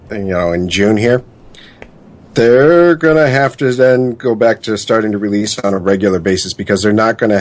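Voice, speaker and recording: A man on a gaming podcast panel, making his point in a matter-of-fact way. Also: fairly low pitch.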